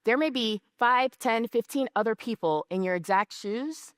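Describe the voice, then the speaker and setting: A woman's voice: fairly high pitch, animated, normal speed, dry recording, clean studio sound. A woman giving a conversational business presentation, telling stories and often checking in with the audience with "right?" and "okay?". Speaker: speaker at a business session.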